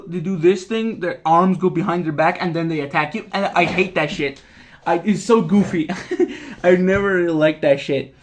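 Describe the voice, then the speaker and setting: A man's voice: a little high, a little hiss or hum. A man giving a rambling, profane, casual recap of a video game, often laughing at it. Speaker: gaming video creator.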